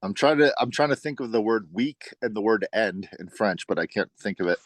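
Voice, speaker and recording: A man's voice: lowish voice, animated, fairly quick, no room sound. A man in a casual chat, curious and asking follow-up questions. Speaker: conversation partner.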